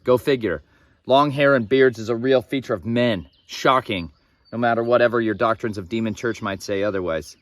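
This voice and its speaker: A man's voice: on the low side, dry recording. Rambling man teaching Bible stories outdoors. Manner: rambling, opinionated, digressive. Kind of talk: casual Bible storytelling. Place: outdoors in a farmyard. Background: chickens clucking.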